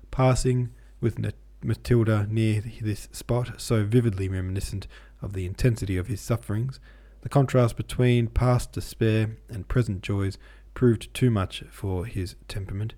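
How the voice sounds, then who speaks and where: Mellow-voiced man reading a classic novel. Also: on the low side. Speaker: podcast host and reader.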